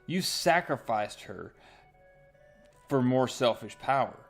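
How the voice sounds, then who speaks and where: A man's voice: mid-range voice, animated, takes it slowly, gravelly, faint music behind, heavily acted. Mephisto, a mocking devil lord, read by a man. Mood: taunting.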